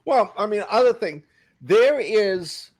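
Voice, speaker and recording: Middle-aged male podcast co-host, fairly high voice, lively storyteller. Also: slow pace. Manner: animated anecdote-teller, acts out quotes. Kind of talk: casual storytelling chat.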